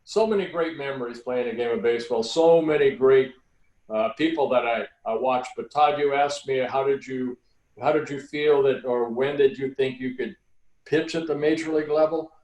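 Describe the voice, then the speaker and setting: Man, sixties, podcast guest, relaxed storyteller, filler-heavy, average pitch, echoey room. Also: normal speed. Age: 60s. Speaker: guest, former major league pitcher. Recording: roomy echo.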